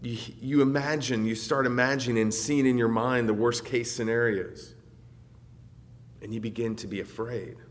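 Guy preaching a sermon, goes big and loud then quiet, long echoey reverb. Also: medium pitch, fairly even intonation, moderate pace. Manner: dynamic, swings between loud declaration and soft reflection. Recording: hall reverb.

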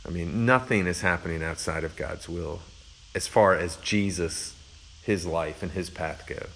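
A male preacher teaching through scripture in a low-pitched voice. His delivery is conversational and reflective, full of casual asides and fillers, with a mix of reading and explaining. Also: a little slow, vocal fry, a bit bright, slight background noise. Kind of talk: sermon, Bible teaching.

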